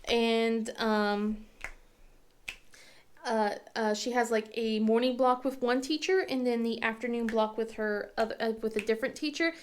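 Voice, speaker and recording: Chatty woman with a higher voice. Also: steady tone. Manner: rambling, halting with many fillers and restarts. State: tearful at times. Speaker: crafting channel host. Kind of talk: casual chat.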